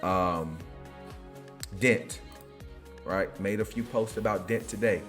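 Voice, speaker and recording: A man with a deep, low voice talks through crypto charts in a casual, rambling style. He tags almost every phrase with "right?" and keeps an easy, conversational flow. Faint music plays softly in the background. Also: slow pace. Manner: keeps tagging lines with "right?", loose and chatty. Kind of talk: casual screen-share market commentary.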